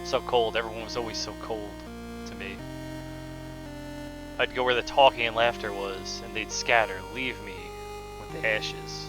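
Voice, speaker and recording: A man's voice: lowish voice, fairly even intonation, moderate pace, long pauses, over music, natural voice, low-quality recording. A man reading a bitter, dying villain. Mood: bitter, mournful. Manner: quiet, somber reading of game dialogue. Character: dying bitter male villain, lifelong outsider. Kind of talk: reading game dialogue aloud.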